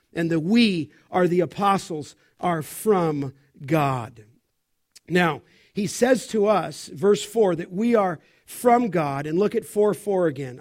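Middle-aged pastor guy preaching slow, high-ish voice, leans hard on words. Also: darkish tone. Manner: emphatic, leans on key words, asks the congregation questions. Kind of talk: expository sermon.

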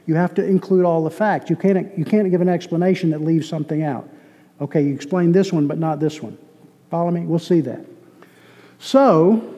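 A man's voice: fairly high pitch, warm tone. A man from Boston teaching a sermon-style lesson from slides, talking conversationally, repeating words and quizzing his listeners. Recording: long hall reverb.

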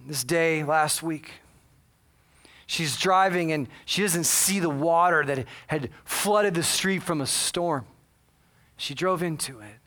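A man's voice: on the high side, fairly bright tone. A man preaching a sermon, telling a story with earnest, dramatic delivery. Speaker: pastor.

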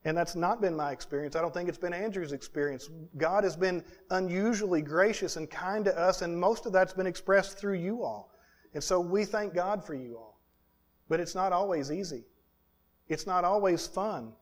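A man preaching a sermon as pastor, earnest and building his points in lists and repetitions, sometimes dropping to a hushed tone. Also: sits high, normal speed.

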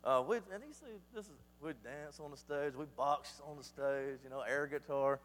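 Man, pastor, preaching, high-pitched, soft-to-loud swings, repeats phrases, echoing hall. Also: moderate pace, slight background noise. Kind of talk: sermon.

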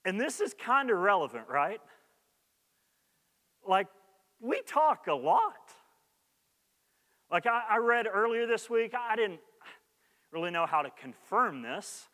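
Male pastor with a slightly high voice, preaching loosely and conversationally, recorded in a reverberant church hall. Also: sharp tone. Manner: conversational preaching with many restarts and "like", rising in energy. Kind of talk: sermon.

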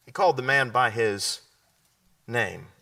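A man preaching a sermon, often asking his listeners questions and answering them, sometimes dropping to a hushed, slow delivery. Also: mid-range voice, lively intonation, creaky, recorded from a distance. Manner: drops to a hushed, slow delivery at key points.

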